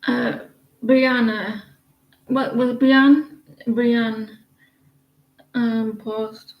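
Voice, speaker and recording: A woman's voice: fairly high pitch, steady tone, drawn-out words, echoey room, highs cut off. A British woman doing tarot readings and chatting in a rambling, gossipy way with lots of hesitations. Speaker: tarot reader. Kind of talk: casual live-stream chat.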